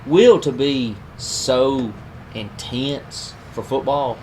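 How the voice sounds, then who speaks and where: A man telling a story among friends, animated, laughing often and acting out what others said. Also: mid-range voice, extremely slow. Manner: animated, laughing, acts out quoted lines. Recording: noisy room ambience.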